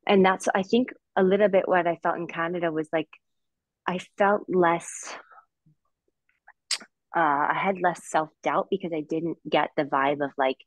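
A woman's voice: fairly low pitch, fairly even intonation, moderate pace, no room sound, highs cut off. A woman in her thirties, a former figure skater, talking things through reflectively as a podcast guest, with many restarts and fillers. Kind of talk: podcast discussion.

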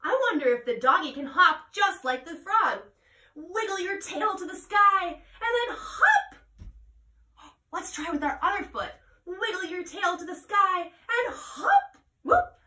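A woman guides children through a playful mindfulness lesson, her voice high and bright with big, bouncy swings in pitch. She talks slowly and gently. The sound is roomy and a little distant, recorded at home. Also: animated. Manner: gentle, playful, slow and encouraging. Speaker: children's yoga and music teacher. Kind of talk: kids' mindfulness lesson with singing. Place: at home, roomy indoor space. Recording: echoey room, voice from a distance.

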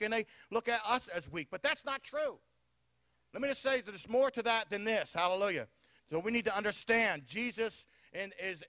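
A high-pitched man in the pulpit preaches a sermon. He builds his points with rising emphasis and calls for amens from the congregation. The sound is dry and close, with little room in it. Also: bright, forceful tone, no echo. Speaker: pastor.

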